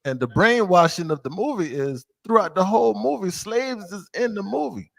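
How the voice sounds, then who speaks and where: A man in a class, retelling something casually with halting restarts and hedges. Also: sits high, expressive, creaky, no echo. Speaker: class member.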